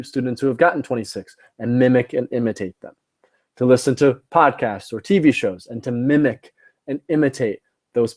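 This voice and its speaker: A man's voice: medium pitch, a little mellow. Man teaching in a live class. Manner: instructive, repeats points, asks "right?" and "okay?". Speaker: TOEFL teacher. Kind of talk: live online class lesson.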